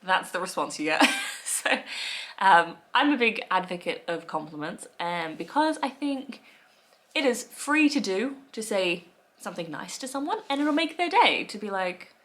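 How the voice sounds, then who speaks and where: A young Australian woman in casual chat to camera, playful and quick to laugh, acting out little quoted voices. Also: medium pitch, very animated, a bit bright. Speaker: vlogger.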